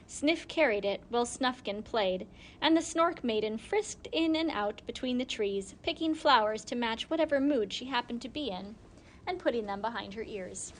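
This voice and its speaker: Woman reading a children's book aloud; lively, slightly high, voices the characters. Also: slight background noise. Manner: lively, voices each character with small pitch lifts. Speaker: reader. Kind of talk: storybook read-aloud.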